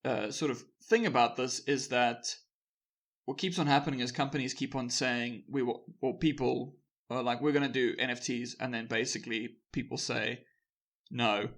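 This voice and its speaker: A man co-hosting a podcast, running through news in a relaxed, rambling way and laughing easily. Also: medium pitch, moderate pace. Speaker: podcast co-host. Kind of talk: casual news chat.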